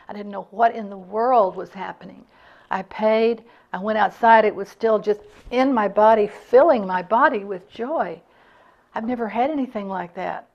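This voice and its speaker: A woman's voice: medium pitch, lo-fi sound. An older woman giving an earnest talk, telling her own stories and acting out what people said. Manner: earnest, acts out quoted dialogue. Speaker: speaker at a club talk. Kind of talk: personal storytelling talk.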